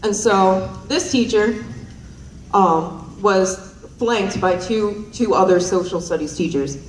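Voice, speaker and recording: On stage at a performance night, a young comedian with a mid-range voice talks slowly through rambling, self-deprecating stories, peppered with giggles and ums. She uses a handheld microphone, but the sound comes from a distant, roomy hall mic with slight hiss or hum.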